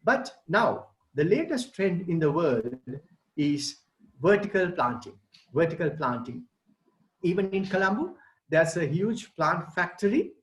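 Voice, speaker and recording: A man's voice: fairly high pitch, sing-song, unhurried, poor audio. A middle-aged man, giving an online presentation as a gardening expert and explaining things to children and parents.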